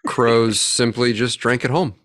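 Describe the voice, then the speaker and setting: A man's voice: medium pitch, fairly even intonation, a little slow, a bit bright, dry recording, clean studio sound. A man co-hosting a podcast, making wisecracks and swearing in casual chat. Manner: wisecracking, profane. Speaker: podcast co-host.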